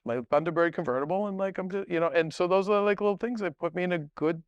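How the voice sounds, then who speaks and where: Rambling, higher-voiced man telling stories. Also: fast talker, clean tone, no room sound, dull audio. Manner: rambling, many restarts and asides. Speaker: podcast guest. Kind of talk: casual storytelling.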